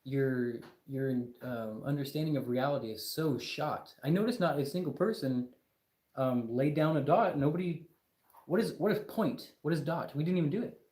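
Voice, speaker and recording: A man's voice: a little high, normal speed, darkish tone, roomy sound. A man hosting a casual livestream, talking in an emphatic, exasperated rant with lots of repetition. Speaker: livestream host.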